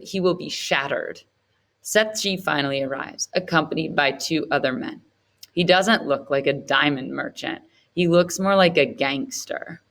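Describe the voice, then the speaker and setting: A woman reading a novel aloud in the first person, in a measured, even storytelling manner. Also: low-pitched. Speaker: audiobook narrator.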